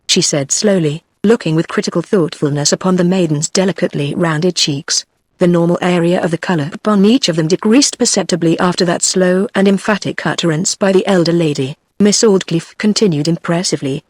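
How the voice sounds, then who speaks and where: A text-to-speech woman's voice with a British English accent, reading a classic novel aloud in even, steady narration. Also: lowish voice, fairly quick, no room sound. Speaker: audiobook narrator. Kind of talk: scripted narration. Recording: dry.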